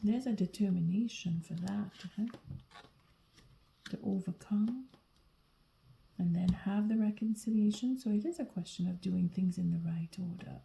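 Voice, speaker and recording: A woman giving a whispered tarot reading late at night, sleepy and yawning, talking in a soft, halting whisper with frequent restarts. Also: medium pitch, creaky, a little hiss or hum, poor audio. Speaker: tarot reader.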